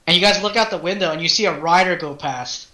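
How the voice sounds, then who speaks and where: Bright-voiced game master in an echoey room. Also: male voice, high-pitched. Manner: loose, halting narration with restarts. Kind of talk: narrating a tabletop game.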